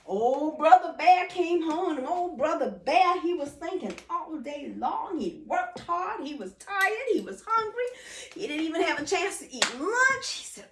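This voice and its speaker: An animated woman storyteller tells a folk tale in a singsong rhythm, with a high voice that leaps up and down. She is recorded from some way off, in a room that echoes, with faint noise behind her. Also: a little slow. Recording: echoey room, distant mic.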